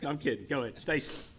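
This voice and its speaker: A man's voice: medium pitch, fairly bright tone, slight background noise. A man leading a church Bible class in a chatty, joking way. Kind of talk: casual church class talk.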